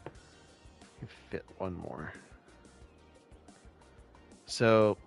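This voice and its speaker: A man from California talks his way through a live game stream, relaxed and chatty as he answers viewers. His voice sits low and gravelly, and he takes his time with every phrase. Quiet music plays underneath. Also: very slow, dull audio. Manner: laid-back, chatty, answers chat questions. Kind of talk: casual live-stream commentary while playing.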